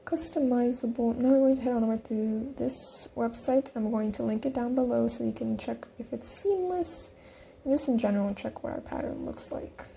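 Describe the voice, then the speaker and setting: Young woman chatting thru a design tutorial, kinda giggly, low mellow voice w some vocal fry, faint hiss behind. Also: moderate pace. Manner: chatty, giggly, talks through each click. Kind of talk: casual screen-recorded tutorial.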